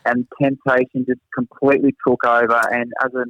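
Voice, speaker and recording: A man's voice: medium pitch, flat delivery, brisk, dry recording. A young man, a teacher, chatting and telling funny anecdotes in a rambling way and laughing at himself. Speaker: teacher, guest. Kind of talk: casual chat, anecdotes. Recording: slightly dull lo-fi sound.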